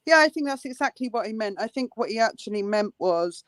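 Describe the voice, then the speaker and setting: A woman co-hosting a casual true-crime discussion, indignant and quick to agree. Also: a little high, lively intonation, fairly bright tone, no echo. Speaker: podcast co-host.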